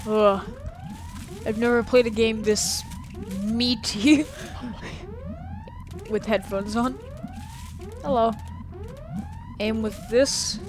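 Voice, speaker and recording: A woman's voice: fairly high pitch, huge pitch swings, takes it slowly, long pauses, noisy background. A woman casually commenting as she plays a horror game, chatty and giggly, talking to the characters on screen. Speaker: gaming video host. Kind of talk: casual let's-play commentary.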